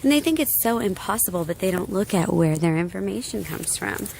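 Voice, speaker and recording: A woman's voice: medium pitch, expressive, fairly quick, creaky, a little mellow, slight background noise, low-quality recording. Ranting young woman outdoors, lots of fillers. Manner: ranty, filler-heavy, talks to her dog. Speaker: vlogger. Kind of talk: casual ranting vlog. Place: outdoors on a hike.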